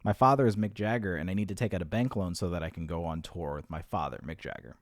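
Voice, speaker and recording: A man's voice: low-pitched, fast talker, dry recording, studio quality. A man voicing a polite, formal male frog asking a bank for a loan in a told joke. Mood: earnest.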